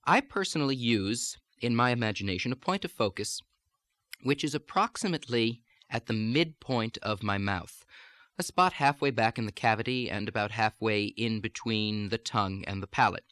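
A man's voice: lowish voice, animated, sharp tone, no echo. Brief: male dialect coach, middle-aged, General American, patient and precise, dry studio read. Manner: measured, explanatory, carefully articulated. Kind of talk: recorded instructional lesson.

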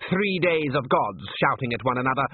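A snide, sneering man, as a reader puts him on, all dry sarcasm in a husky voice. Each remark cuts. The sound is thin and dry, like a phone line. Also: mid-range voice, animated, fairly quick, dry recording.

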